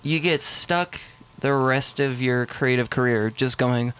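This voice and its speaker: A man co-hosting a music production podcast, excitable and quick to laugh, acting out beats with his voice. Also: mid-range voice, a little hiss or hum, poor audio. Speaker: podcast co-host. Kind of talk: casual chat.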